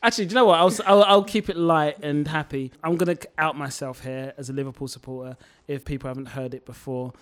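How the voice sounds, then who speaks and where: A man's voice: on the high side, steady tone, quick pace, hardly any pauses. A man hosting a casual podcast chat, chatty, playful, often laughing. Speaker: podcast host.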